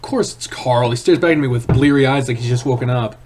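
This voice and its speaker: A man reading a visual novel aloud in first person, with a hushed, tense, dramatic delivery. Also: mid-range voice, a little fast, hardly any pauses, a little hiss or hum. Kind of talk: first-person story narration.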